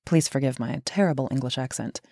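A woman author reads her own book aloud, her voice sitting a little low. She narrates casually, dropping wry asides along the way. The recording is close and dry, with no room sound. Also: animated, normal speed, darkish tone, dry recording. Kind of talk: audiobook narration.

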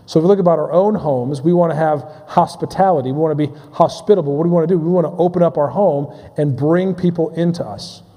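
A man's voice: a little high, warm tone. Guy preaching, stumbles and repeats words a lot, long echo like a big sanctuary. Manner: halting, repeats words, asks the congregation questions. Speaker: pastor. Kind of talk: sermon. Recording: long reverb of a large hall.

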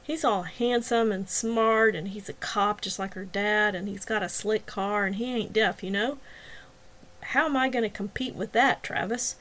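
A man's voice: high voice, steady tone, moderate pace, bright, forceful tone. A self-pitying deaf young man, a little drunk, mumbles his way through his words, as a woman reads him aloud. He puts himself down in a storybook reading. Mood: lovesick.

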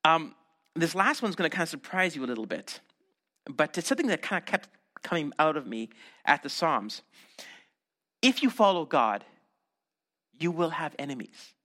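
A man preaching a sermon as pastor, talking conversationally with many "right?" tags and repeated words, and acting out quoted voices with big swings in pitch and loudness. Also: sing-song, normal speed, long pauses.

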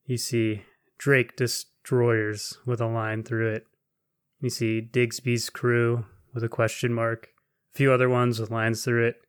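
A man narrating a tabletop role-playing game as game master, with gentle, unhurried descriptions. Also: medium pitch, little pitch movement, clean tone, dry recording, studio quality.

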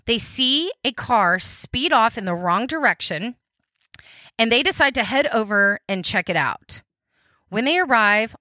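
A woman's voice: medium pitch, pushed and bright, no echo, studio quality. A woman hosting a true crime podcast, telling the case in a chatty way with restarts and fillers, talking to her listeners as guys. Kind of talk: casual storytelling narration.

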